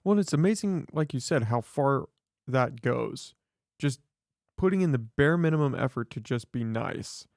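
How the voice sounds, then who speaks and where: Male podcast host, mid voice with gravel, agreeable, reflective interjections. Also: medium pitch, expressive, moderate pace, a little mellow, dry recording, studio quality. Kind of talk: casual interview chat.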